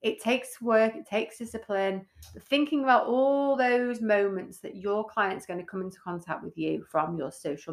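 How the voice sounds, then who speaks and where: A woman co-hosting a business podcast in casual chat, blunt and animated, swearing freely. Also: mid-range voice. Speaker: podcast co-host, brand builder.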